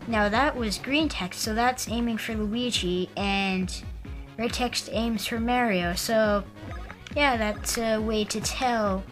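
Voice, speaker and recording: A woman talking through a video game in a loose, rambling way, stopping and restarting her thoughts. Her voice is fairly high and her pace is slow and unhurried. Quiet game music plays in the background. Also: rough recording. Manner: rambling, halting, with lots of fillers. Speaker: let's player. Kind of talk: casual gameplay commentary.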